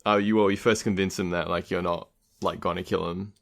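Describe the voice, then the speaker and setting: Deep gravelly man rambling with fillers. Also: fairly even intonation, a little fast, fairly bright tone. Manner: rambling, heavy use of filler "like", laughs often. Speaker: guest game designer. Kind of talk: casual podcast brainstorm.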